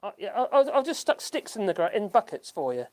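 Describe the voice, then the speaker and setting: A man's voice: sits high, very animated, fairly quick. A man chats through a casual live stream from his home, reading viewer comments as they come in. He rambles along in a self-deprecating way, laughs at himself often and keeps stopping to restart his sentences. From United Kingdom. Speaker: YouTube channel host. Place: at home in rural France.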